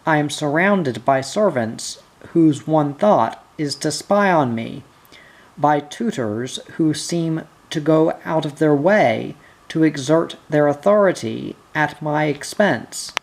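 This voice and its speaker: A reader voicing an eighteen-year-old prince who talks in a proud, intense and resentful way. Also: male voice, a little high, expressive, takes it slowly, gravelly, exaggerated voice. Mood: bitter earnest. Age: teens.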